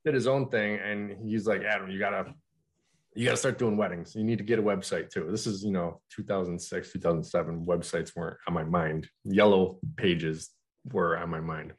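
A man in a casual podcast chat, telling in a relaxed, reflective way how he started his tent business. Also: low-pitched, moderate pace. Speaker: tent rental business owner.

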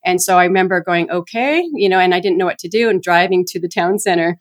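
A middle-aged woman telling a personal story in a casual conversation, animated and acting out quoted voices. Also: fairly low pitch, quick pace. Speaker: guest, shaman.

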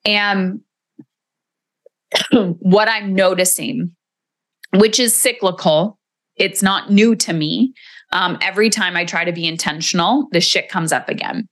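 Candid, emotional woman podcaster, lowish voice. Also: measured pace, long pauses, fairly bright tone. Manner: candid, emotional, swears casually. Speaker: podcast host. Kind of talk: solo podcast reflection.

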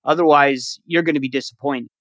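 A man's voice: a little high, fairly even intonation, brisk, fairly bright tone, no room sound. A man hosting a podcast interview, asking questions and agreeing in a thoughtful way, with small restarts. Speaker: podcast host.

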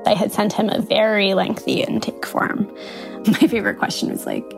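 A woman's voice: medium pitch, little pitch movement, moderate pace, gravelly, music in the background. A woman in her late thirties, interviewed, telling a candid story in a wry, self-mocking way with frequent laughter. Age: 30s. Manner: laughs often, wry and self-mocking, mimics others in quotes.

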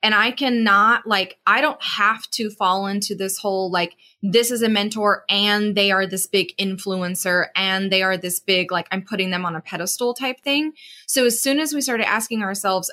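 A woman co-hosting a casual podcast conversation. Her voice is bright and forceful, with a middle pitch. She talks agreeably and is quick to build on her partner's points. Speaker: podcast co-host. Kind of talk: casual chat.

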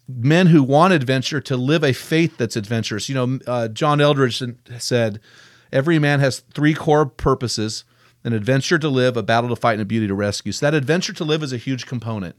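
A man's voice: medium pitch, moderate pace, dry recording. A man hosting a podcast interview, speaking with easy enthusiasm and a mid-range voice. The sound is dry and close, with no room around him. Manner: enthusiastic, quotes authors often. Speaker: podcast host.

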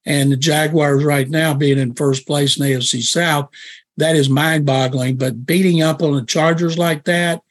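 A man with a fairly high voice talks football as a guest columnist. He is blunt and opinionated, and he hammers home his verdicts with emphasis. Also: steady tone, moderate pace. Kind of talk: sports talk radio discussion.

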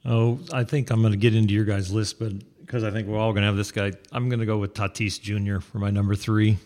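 A man's voice: lowish voice, flat delivery, fast talker, a little mellow. A man in a casual baseball chat, speaking with plain enthusiasm about players.

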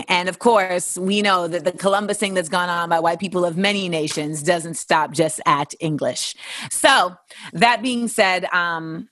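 A woman's voice: fairly low pitch, fairly bright tone, dry recording. Woman host, blunt and profane, casual listener-question monologue, dry close mic. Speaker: podcast host.

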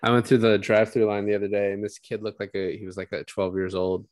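Low-voiced man in casual film chat. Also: level tone, fast, darkish tone, dry recording, clean studio sound. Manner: laughing, swearing, acts out quoted characters. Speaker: podcast co-host. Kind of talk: casual movie discussion.

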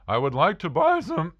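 A man playing his nervous younger self, stammering and clearing his throat. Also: a little high, dry recording, highs cut off, pitched above the performer's own voice, full character voice.

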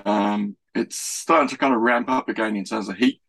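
A man's voice: fairly low pitch, normal speed, vocal fry, fairly bright tone, rough recording. A man from London hosting a casual music podcast over a video call, rambling along with many ums. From London, England. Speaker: podcast host. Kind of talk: casual chat. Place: home in Surrey.

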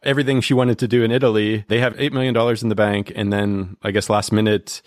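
Brief: male co-host, lowish voice, close and dry, calm and measured. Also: no echo. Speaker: podcast co-host. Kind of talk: casual podcast talk.

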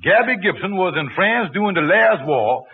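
A scheming schemer, persuasive, drawling, 1940s radio comedy, tinny old broadcast. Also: male voice, high-pitched, expressive, normal speed, breathy edge. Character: scheming smooth-talking male lodge leader.

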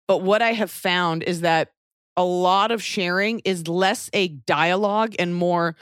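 A woman's voice: lowish voice, measured pace, smooth, dry recording, clean studio sound. A woman in her thirties telling a personal story in a casual, wry way, acting out other people's voices as she goes.

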